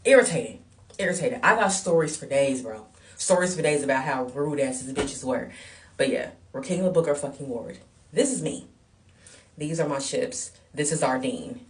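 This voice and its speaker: Low-voiced woman ranting bluntly. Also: normal speed, distant mic. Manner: blunt, profane, heated and emphatic. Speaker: vlogger. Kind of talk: ranting storytime.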